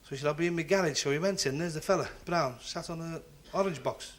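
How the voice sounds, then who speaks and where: A man telling a stand-up joke on stage, acting out the voices and engine noises of his characters. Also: fairly high pitch. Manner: brisk storytelling, acts out voices and engine noises. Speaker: stand-up comedian. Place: stage before a live audience.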